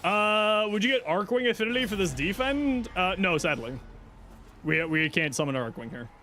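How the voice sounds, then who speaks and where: A man live-streams a game and keeps up a loose running commentary, yelping and muttering to himself as the action turns. His voice sits high and swings all over the place. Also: normal speed. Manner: animated, exclaiming and talking to himself while playing. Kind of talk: casual live gameplay commentary.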